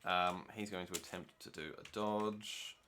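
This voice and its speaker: A man narrating as game master of a tabletop game, relaxed and hesitant, with many pauses and ums. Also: sits low, a little hiss or hum.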